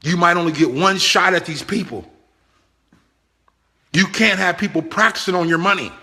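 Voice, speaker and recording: A man gives a motivational business talk with a bright, forceful voice. His speech is animated and pleading, and he repeats his points over and over for emphasis. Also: sits high, normal speed. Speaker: business trainer.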